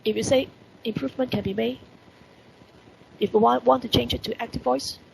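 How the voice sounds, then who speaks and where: Gravelly Hong Kong teacher woman. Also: on the high side, steady tone, brisk, slight background noise, low-quality recording. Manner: repeats rhetorical questions, stresses key words. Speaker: English teacher. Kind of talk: online lesson explaining report writing. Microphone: computer mic on video call.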